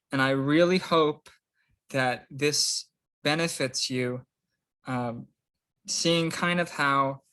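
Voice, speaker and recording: Young man, language tutor, recorded practice lesson, slow pace, casual, careful drawn-out pronunciation. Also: on the high side, bright, forceful tone. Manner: casual, unhurried, drawn-out pronunciation of each word. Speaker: Greek instructor.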